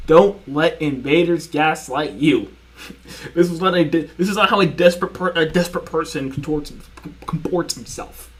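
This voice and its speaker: A man's voice: on the high side, moderate pace. A young man hosting a commentary video, arguing point by point in a sarcastic, repetitive way. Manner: argumentative, sarcastic, repeats and restarts. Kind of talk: reaction commentary.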